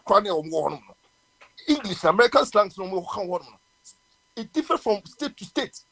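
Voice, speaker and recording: Ghanaian male radio host, high husky voice, impassioned and repetitive. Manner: passionate, mixing Twi and English, with many restarts. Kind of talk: live radio call-in talk.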